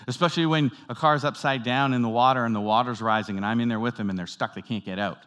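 A man preaching a sermon to his congregation, moving between loud, emphatic lines and quiet, hushed ones, and asking the room questions. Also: medium pitch, steady tone, fast. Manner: dynamic, swings from loud emphatic to soft hushed; talks directly to the congregation with questions. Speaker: pastor.

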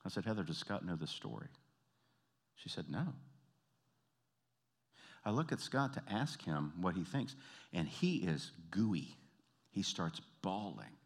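Delivering a story-driven sermon, this pastor and counselor voices the characters himself and sometimes softens into intimate appeals to the listeners. He sounds low, husky and creaky, very animated yet a little slow, with long pauses.

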